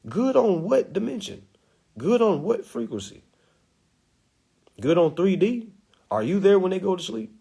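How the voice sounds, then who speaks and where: Animated husky man preaching casually. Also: sits high, unhurried, pauses often. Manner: preachy, animated, acts out quotes. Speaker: spiritual teacher. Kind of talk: casual livestream talk.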